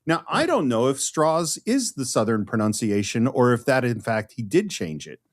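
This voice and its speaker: A man's voice: mid-range voice, very animated, moderate pace. A man co-hosting a podcast, explaining a film in a casual, enthusiastic way with frequent restarts. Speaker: podcast co-host.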